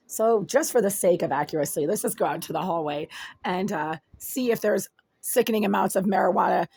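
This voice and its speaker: A woman vlogger documents herself at home, recording a self-made monologue as she moves through the kitchen, hallway, and bathroom of a small apartment, so the distance to her handheld phone keeps changing. She speaks intensely and insistently in long run-on sentences, her husky, smoky voice medium-pitched and a little mellow. Her pace is moderate with frequent pauses, and faint music plays in the background.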